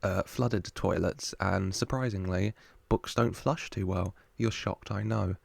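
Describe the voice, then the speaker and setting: Man, gravelly, fairly low, dry close sound, chatty film reaction, laughs a lot. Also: steady tone, measured pace, a little mellow, no room sound. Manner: chatty, laughs often, jokes with the screen. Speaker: reaction video host. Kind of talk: casual film reaction commentary.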